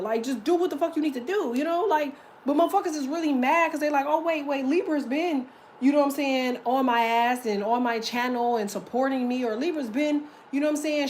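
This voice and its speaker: A woman giving a casual tarot reading, blunt and profane, talking in emphatic, lively rants. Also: high-pitched, a little hiss or hum, low-quality recording. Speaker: tarot reader.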